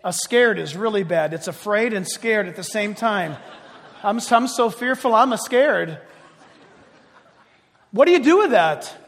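An older male pastor preaching a sermon, passionate and emphatic, then dropping into quiet chatty asides. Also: high-pitched, animated, normal speed. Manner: impassioned, swinging from loud emphatic cries to quiet chatty asides. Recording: long reverb of a large hall.

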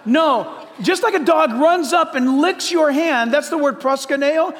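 A man preaching a sermon as pastor, in a lively conversational way with acted asides. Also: very high voice, unhurried, big-room sound, a little hiss or hum.

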